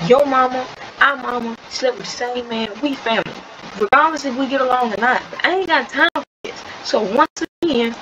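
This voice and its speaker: A woman doing a sharp-tongued young farmer woman. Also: fairly high pitch, lightly acted. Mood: dismissive. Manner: snappy, dismissive, quick comebacks. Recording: slightly dull recording with steady background noise.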